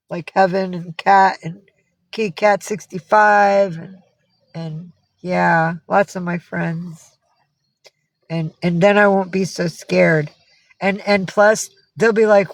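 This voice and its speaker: A woman from upstate New York chatting casually on a live stream. She talks warmly to her cats, swears freely and answers viewers' comments. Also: medium pitch, no echo. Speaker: livestreamer.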